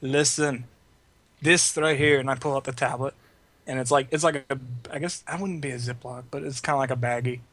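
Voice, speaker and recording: A man's voice: mid-range voice, steady tone, fast, a bit bright, no room sound. A man playing a tabletop role-playing game, talking casually, swearing freely and slipping into quoted lines for his character. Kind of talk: casual improvised role-play.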